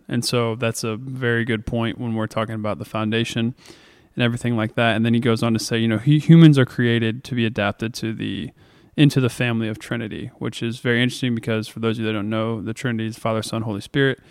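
A man's voice: medium pitch, little pitch movement, quick pace, clear, resonant tone, dry recording, studio quality. A man co-hosting a podcast, talking through a book chapter on faith in an earnest, thinking-aloud way with fillers. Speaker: podcast co-host. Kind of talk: casual faith discussion.

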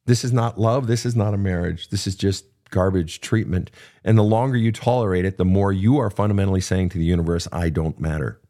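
A middle-aged man with a lowish voice talks straight to listeners and answers their questions. He is blunt and swears freely as he gives advice off the cuff. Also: fairly quick, warm tone. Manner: blunt, profane, direct advice. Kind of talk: unscripted advice talk.

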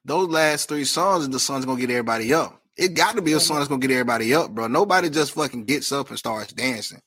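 A man from Florida co-hosting a comedy podcast, telling stories in a loud, profane, animated way. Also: medium pitch, fast talker, slightly rough, dry recording. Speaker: podcast co-host. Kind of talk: casual comedic chat.

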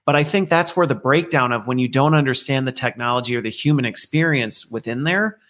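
A man's voice: mid-range voice, a little fast, a bit bright. Male guest, mid-range voice, reflective and conversational, fond of analogies. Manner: reflective, explains with analogies and acted-out quotes. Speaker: guest, learning executive. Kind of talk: conversational interview.

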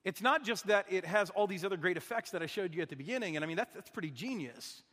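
A man with a high voice delivers a sermon, earnest and conversational, often turning to his listeners with questions. His words ring out with the long reverb of a large church hall. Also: expressive, fast talker, a bit bright. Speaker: guest preacher.

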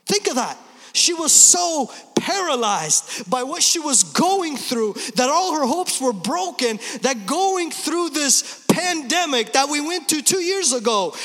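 A man in his thirties preaching an Easter sermon to a congregation, with emphatic delivery and quick joking asides. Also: very high-pitched, pushed and bright. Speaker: pastor. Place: large church hall. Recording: long reverb of a large church hall.

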